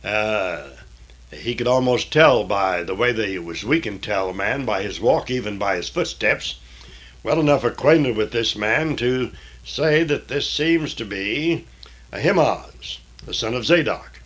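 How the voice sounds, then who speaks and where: A man reading scripture aloud in a deliberate, old-fashioned diction, stopping now and then for plain explanatory asides. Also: fairly low pitch, expressive, a bit bright. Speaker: Bible reader and teacher.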